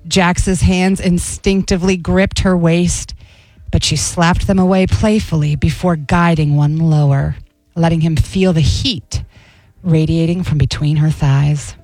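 A woman radio host reading a racy story aloud on air in a slow, careful voice. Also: on the low side, steady tone, a little mellow, dry recording, low-quality recording.

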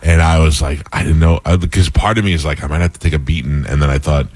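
A man hosting a casual talk show, telling animated stories with laughter. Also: a bass voice, fast talker, no echo. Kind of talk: casual storytelling chat.

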